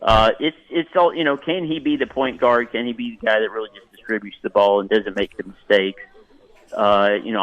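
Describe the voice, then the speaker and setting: Halting male sports writer, low voice. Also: a bit bright, dull audio. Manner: halting, repeats words as he starts sentences. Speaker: newspaper sports editor guest. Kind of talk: phone-in sports interview.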